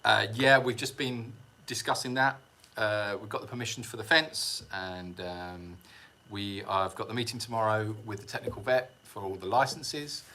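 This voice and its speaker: Bright-voiced English man chatting. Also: fairly low pitch, moderate pace. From England. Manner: chatty, jokey, explains patiently. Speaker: animal sanctuary livestream host. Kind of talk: casual livestream chat reading viewer comments.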